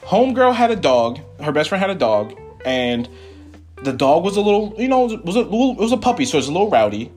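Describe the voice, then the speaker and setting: A young man hosting a podcast, telling a personal story in a casual, animated and profane way, acting out what people said. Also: high voice, brisk, soft background music. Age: young adult. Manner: animated, profane, quotes people in his own voice. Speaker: podcast host.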